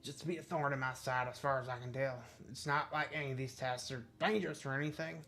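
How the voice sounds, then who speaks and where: A man voicing an overworked park groundskeeper in a video game, sounding flustered and hurried. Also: medium pitch, steady tone, bright, forceful tone, faint music behind.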